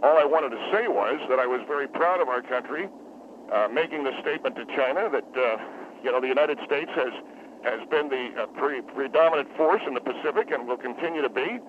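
A man's voice: mid-range voice, a little fast, natural voice. A man playing a hesitant, deferential phone caller in a comedy radio bit. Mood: earnest. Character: meek patriotic male caller on the phone. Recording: tinny phone line with faint hiss.

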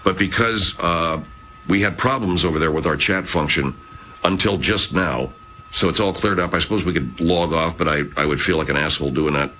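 A man's voice: low voice, normal speed, pushed and bright, slight background noise. A man hosting a casual live chat, rambling, swearing, and reading out viewer comments. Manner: rambling, profane, chatty. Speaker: livestream host.

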